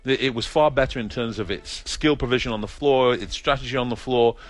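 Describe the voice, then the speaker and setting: A man delivering an earnest, forceful opinion piece as a commentator. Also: mid-range voice, a little fast, faint music behind. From Britain. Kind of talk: opinion monologue.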